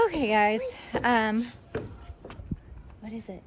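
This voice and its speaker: A woman's voice: medium pitch, moderate pace, heavy background noise. A woman chatting casually as she vlogs from her farm, rambling with lots of fillers, without a clip-on mic. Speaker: homesteader vlogger. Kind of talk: casual vlog chat. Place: farm outdoors. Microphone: camera mic, no lapel.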